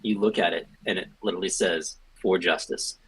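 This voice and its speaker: A man narrating as game master in a tabletop game, casual and halting with many fillers. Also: deep voice, steady tone, a little hiss or hum, low-quality recording.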